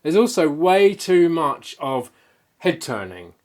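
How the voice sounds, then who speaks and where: A man's voice: on the high side, sing-song, takes it slowly, a little mellow. A man co-hosting a casual film review chat, rambling with many restarts and fillers. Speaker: film podcast co-host.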